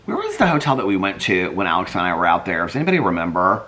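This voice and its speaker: Male vlogger, deep soothing voice with a lively pitch, chatty and rambling. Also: rapid-fire, a crowd in the background. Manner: chatty, rambling, thinks aloud while searching online. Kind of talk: casual chat reading viewer comments.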